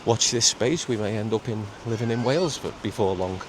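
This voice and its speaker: A middle-aged man, chatting casually in a walking vlog on a seaside promenade, halting with many repeats and fillers. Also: on the low side. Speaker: vlogger. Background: faint outdoor ambience with traffic and seagulls.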